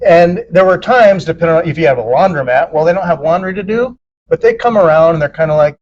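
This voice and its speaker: A man's voice: on the high side, quick pace, a little mellow, muffled recording. A man in casual podcast chat, rambling with many fillers and acting out quoted dialogue in a raised voice. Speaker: podcast co-host.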